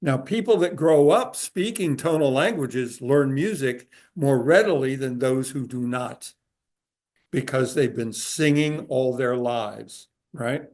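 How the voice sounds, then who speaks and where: A man giving a talk to a group in a room, explaining at an easy pace with frequent filler pauses. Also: mid-range voice, darkish tone. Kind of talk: conversational lecture. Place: room with a live audience.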